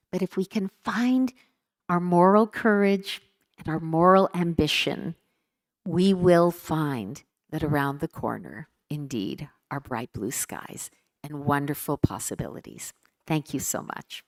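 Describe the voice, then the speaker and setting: A woman giving an earnest keynote speech at a conference, measured and emphatic, repeating words for weight. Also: sits low. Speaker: keynote speaker. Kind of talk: formal speech. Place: conference hall.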